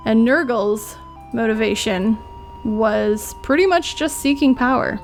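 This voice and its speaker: A woman's voice: a little high, gravelly, a little mellow. A woman hosting a let's play, giving chatty, enthusiastic game commentary.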